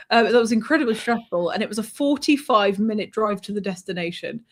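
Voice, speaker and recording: A woman guest telling a personal anecdote in a lively, conversational way, often laughing and swearing. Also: medium pitch, fast talker, few pauses. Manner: animated, laughing, swears freely. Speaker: author guest. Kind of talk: conversational storytelling.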